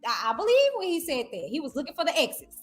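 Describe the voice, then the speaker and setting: A woman's voice: sits high, huge pitch swings, fast, faint music behind. A woman hosting a vlog, giving emphatic, chatty commentary straight to her viewers. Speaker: vlog host. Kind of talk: casual commentary.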